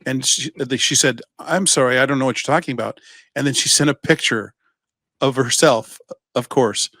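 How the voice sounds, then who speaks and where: A man's voice: mid-range voice, moderate pace, sharp tone, no room sound. Rambling man on a casual podcast. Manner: rambling, restarts sentences, playful storytelling. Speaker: podcast co-host. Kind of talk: casual chat.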